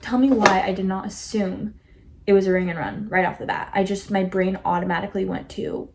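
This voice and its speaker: A woman's voice: medium pitch, fairly even intonation, brisk, a little mellow. A teenage girl vlogging from her bedroom, telling a story casually and emotionally, with lots of fillers. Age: teens. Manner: rambling, filler-heavy, emotional retelling.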